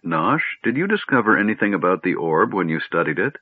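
A man voicing an eager, curious small male kender who talks quickly and inquisitively. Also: deep voice, sing-song, no echo. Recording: dry, tinny phone-like audio.

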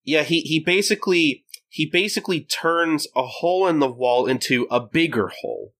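Bright guy hosting a podcast, rambles, keeps restarting. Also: fairly high pitch, moderate pace. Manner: rambling, many restarts, acts out voices. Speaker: podcast host. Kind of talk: casual chat.

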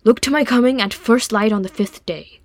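A woman voicing a grave old male wizard, solemn and hushed. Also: fairly high pitch, brisk, no echo, lightly acted.

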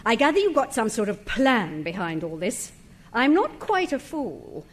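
An actress playing a sharp, practical second wife who grows indignant, with a brisk, brittle delivery in a radio drama. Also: female voice, fairly high pitch, very animated, a little hiss or hum. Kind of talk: stage-style radio drama acting.

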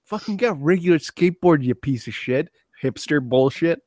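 A man co-hosting a podcast, dropping short, crude deadpan interjections in casual chat. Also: fairly high pitch, normal speed, dry recording, clean studio sound. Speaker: podcast co-host.

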